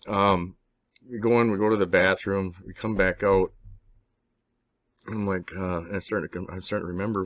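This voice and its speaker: A man being interviewed, telling a personal story in a halting, rambling way with many restarts and some swearing. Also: deep voice, fairly even intonation. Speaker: interviewee recounting personal experiences. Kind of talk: casual spoken storytelling.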